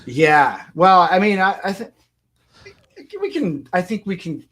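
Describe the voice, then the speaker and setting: A man's voice: high-pitched, animated, unhurried, a bit bright. A man co-hosting a casual panel chat over a video call, joking and rambling. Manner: joking, rambling, laughs often. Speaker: co-host.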